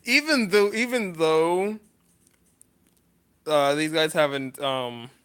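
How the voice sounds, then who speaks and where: Guy vlogging off the cuff, kinda high bright voice, keeps pausing n restarting, earnest and sorry-sounding. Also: clean tone. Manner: halting, pausing often with restarts; earnest, apologetic. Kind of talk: unscripted list vlog.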